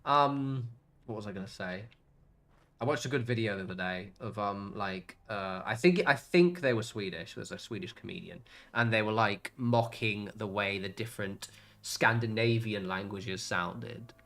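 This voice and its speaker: A young man with an English accent chats casually while streaming a game, rambling through filler words and cheerful swearing. His voice sits a little low but sounds bright and forceful. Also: moderate pace, vocal fry. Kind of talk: casual chat while gaming.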